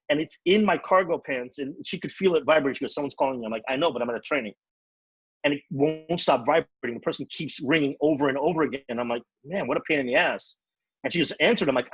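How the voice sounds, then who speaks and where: Middle-aged male trainer, husky and dry, candid animated storyteller. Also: on the high side, no room sound, dull audio. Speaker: network marketing trainer. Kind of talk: motivational story talk.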